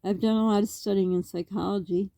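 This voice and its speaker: A woman's voice: mid-range voice, steady tone, fairly quick, creaky, dark tone, dry recording. A middle-aged woman from Canada talking straight to camera in a rambling, worked-up vlog monologue, full of rhetorical questions. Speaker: vlogger.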